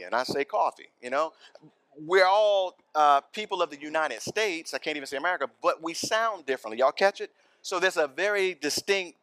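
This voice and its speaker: A man's voice: mid-range voice, a bit bright, no room sound. A man preaching a sermon in church, conversational and often asking the congregation questions. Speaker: pastor.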